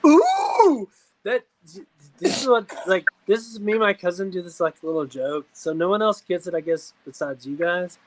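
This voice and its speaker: A man in casual chat, excitable and profane, laughing often while telling stories about his cousin. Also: high voice, moderate pace, rough recording. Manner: excitable, laughs a lot, swears freely.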